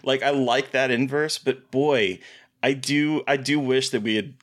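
A man's voice: mid-range voice, steady tone, measured pace, fairly bright tone. Earnest thoughtful man co-host. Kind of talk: casual chat.

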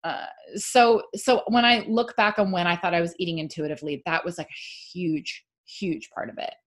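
Rambling woman guest, low-pitched. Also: fairly even intonation, moderate pace. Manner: rambling, full of "like", restarts mid-sentence. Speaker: author guest. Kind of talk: casual podcast chat.

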